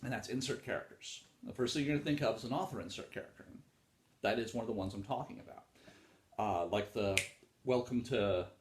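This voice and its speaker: A man's voice: fairly low pitch, quick pace, echoey room. A man hosting a casual solo talk on writing craft, rambling and informal with frequent fillers and some swearing. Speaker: podcast host talking about writing.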